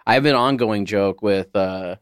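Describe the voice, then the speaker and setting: A man with a fairly low voice chats as a podcast guest, easygoing and quick to play himself down. His delivery stays relaxed and unhurried. The sound is close and dry. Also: clean tone, dry recording. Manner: low-key, self-deprecating. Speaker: podcast guest, comedy writer and actor. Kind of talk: casual chat.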